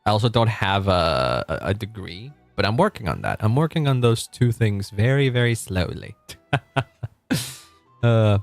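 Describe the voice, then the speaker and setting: A man's voice: lowish voice, lively intonation, moderate pace, gravelly, dry recording, soft background music. A man in his late twenties, a streamer chatting casually and rambling while he plays, laughing often. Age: 20s. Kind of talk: casual live-stream chat while gaming.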